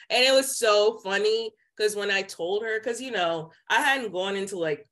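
A woman speaking as a podcast guest, telling a personal story in casual chat, filled with "like" and lively quoted voices. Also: medium pitch, normal speed, hardly any pauses. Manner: chatty, many "like" fillers, animated quoting voices. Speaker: podcast guest, psychic intuitive.

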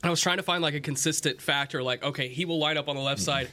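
Guy doing football breakdown, bright kinda high voice, keeps cracking up. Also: quick pace. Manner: laughing through spicy food, flustered. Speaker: football analyst. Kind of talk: sports talk show.

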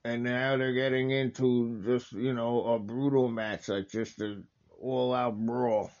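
A man with a gravelly, fry-laden voice gives loose, casual commentary over a wrestling match he is watching. He rambles, corrects himself mid-thought and sounds plainly enthusiastic. The recording is slightly dull and lo-fi. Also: medium pitch, little pitch movement, measured pace, darkish tone. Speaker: wrestling watch-along host.

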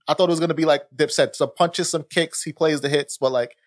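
A man's voice: on the high side, steady tone, fast, no echo, clean studio sound. A man co-hosting a podcast in casual chat, laughing often and adding quips. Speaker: podcast co-host.

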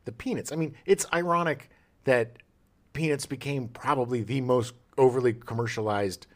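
A man's voice: mid-range voice, normal speed. A man co-hosting a podcast in casual, rambling, jokey chat. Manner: rambling and jokey, with animated tangents. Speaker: podcast co-host.

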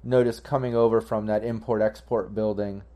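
Game master, male, low warm voice, rambling delivery full of fillers. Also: flat delivery, normal speed, slight background noise. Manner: rambling, many fillers and restarts. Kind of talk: running a tabletop game online.

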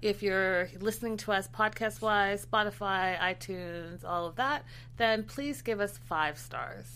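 A woman's voice: medium pitch, a little slow, fairly bright tone, slight background noise. A woman co-hosting a casual TV talk show, speaking upbeat and straight to the viewers. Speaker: co-host.

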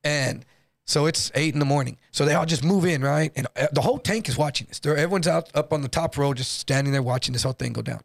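A man from Texas spins a tale in an animated, slangy, profane way. His voice sits a touch high and gravelly, recorded close and dry with no room sound. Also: quick pace, dry recording. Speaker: guest comedian. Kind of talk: casual storytelling.

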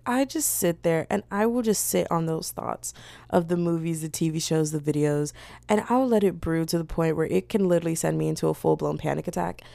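A woman's voice: fairly low pitch, creaky, mellow, no echo. A young woman chatting casually on her channel, retelling a story in a rambling way, full of fillers and quoted voices. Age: young adult. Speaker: book vlogger.

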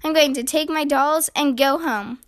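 A woman voicing a quick-tempered young girl bear cub in a storybook, with lively, indignant outbursts. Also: high voice, no echo, lightly acted. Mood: spirited.

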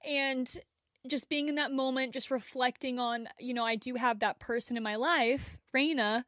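A woman's voice: sits high, steady tone, moderate pace, a bit bright, no room sound, studio quality. A young woman co-hosting a podcast, talking in an earnest, heartfelt and emotional way. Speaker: podcast co-host. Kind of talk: casual chat.

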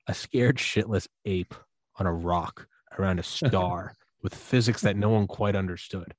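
Male podcast host, lower pitch, animated storyteller who acts out quotes and swears a lot, close dry mic. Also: moderate pace, no echo. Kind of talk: casual podcast chat.

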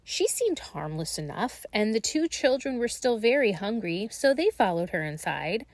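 A woman reading a fairy tale aloud in a slow, gentle and expressive way. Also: mid-range voice, dry recording. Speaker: storyteller.

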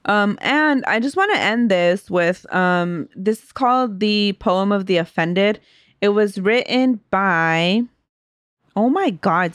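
A woman's voice: medium pitch, dry recording, clean studio sound. A young woman co-hosting a podcast in casual chat, laughing at her own slips and stumbles. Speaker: podcast co-host.

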